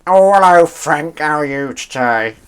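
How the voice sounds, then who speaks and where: A man putting on an impression of an elderly soap-opera gossip, fussing over a cat with drawn-out greetings. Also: on the high side, lively intonation, a bit bright, slight background noise, pitched above the performer's own voice. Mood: doting.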